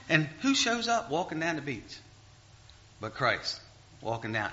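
A male preacher with a fairly high, very bright and cutting tone, carried by his story. He keeps asking the room rhetorical questions in an animated, storytelling style. The recording sounds dull and lo-fi. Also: moderate pace. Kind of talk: sermon with personal story.

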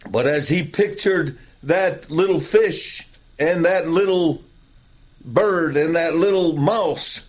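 A man preaches a sermon in a slow, deliberate, earnest way, telling stories to make his point. His voice sits a little high for a man. The recording is dull and lo-fi. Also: darkish tone.

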